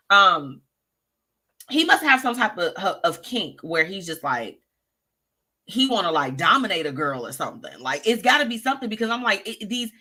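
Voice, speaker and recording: Sassy bright-voiced woman host. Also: mid-range voice. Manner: sassy, chatty, talks straight to listeners. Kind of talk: live show gossip commentary.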